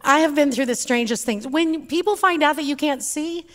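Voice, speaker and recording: A middle-aged woman with a Texan accent gives a guest talk at church. She tells stories in a joking, lively way. Her voice sits a little high. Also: moderate pace, a little hiss or hum. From Texas. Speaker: guest speaker.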